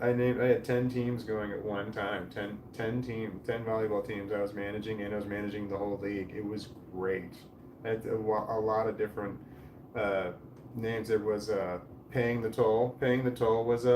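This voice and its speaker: Hosting a livestream from his home, a man in his forties goes through viewer comments in a meandering way, trailing off and tossing in casual swearing. His voice is lowish with a darkish tone. Faint background noise and a roomy, distant mic mark the recording.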